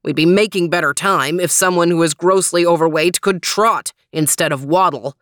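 A blunt, sharp-tongued male dog , as a woman reading a storybook voices him. He speaks in a low, flat voice close to the reader's own. The recording is dry. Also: a little slow, dry recording. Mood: snippy.

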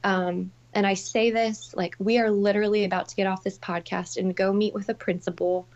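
A woman speaking in a heartfelt way on a podcast, with many fillers and soft asides. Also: mid-range voice, flat delivery, normal speed, highs cut off. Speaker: parenting expert guest. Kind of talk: conversational podcast talk.

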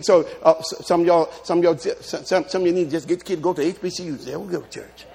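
A man preaching a lively sermon, telling humorous stories and calling out to his congregation. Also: high-pitched, fast talker. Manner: animated preaching with humorous stories and call-outs. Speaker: pastor.

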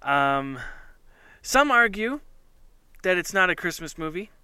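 A man's voice: high voice, sing-song, takes it slowly, sharp tone, clean tone, no echo. A man co-hosting a casual chat show, talking enthusiastically and rambling with many fillers. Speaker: podcast co-host.

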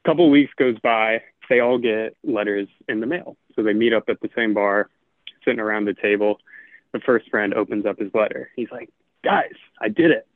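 A man guest on a podcast telling a joke in a laid-back, drawn-out way. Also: fairly low pitch, fairly even intonation, no echo. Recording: tinny phone-like line.

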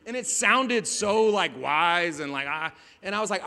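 A man delivers a sermon in a high, bright voice. He talks to the crowd in a chatty, conversational way, then builds to emphatic shouts. His voice carries a long hall reverb. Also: expressive, measured pace, hardly any pauses. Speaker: pastor. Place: outdoors at a beach gathering.

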